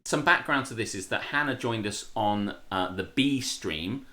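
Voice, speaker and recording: A young man with an English accent hosting a casual livestream, rambling and laughing, quick to swear. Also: fairly low pitch, lively intonation, pushed and bright. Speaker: host.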